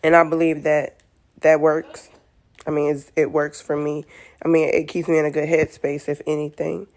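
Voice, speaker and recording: A woman's voice: low voice, little pitch movement, normal speed, darkish tone. A woman talking candidly to her camera as a new mother, exhausted, with many "like"s and "you know"s. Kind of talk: casual talk to camera.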